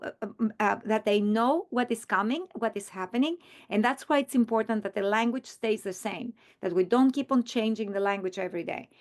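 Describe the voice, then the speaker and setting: A woman training teachers in a recorded presentation, explaining earnestly and often restarting her sentences. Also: fairly high pitch.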